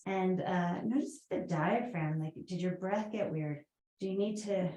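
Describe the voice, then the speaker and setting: A woman's voice: on the low side, measured pace, warm tone, echoey room, poor audio. A woman with a Boston accent teaching a guided yoga class, chatty, with rambling asides and fillers.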